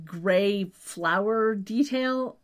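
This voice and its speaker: A woman's voice: medium pitch, drawn-out words. A woman co-hosting a podcast, recapping a TV episode in casual chat with wry asides. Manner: chatty, wry asides, trails off with "just saying". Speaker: podcast co-host.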